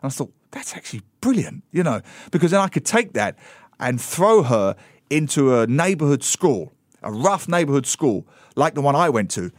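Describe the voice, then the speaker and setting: A middle-aged man, a book author as the radio interview guest, telling an animated story and slipping into voices for quoted people. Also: mid-range voice, normal speed, no room sound, clean studio sound. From Britain.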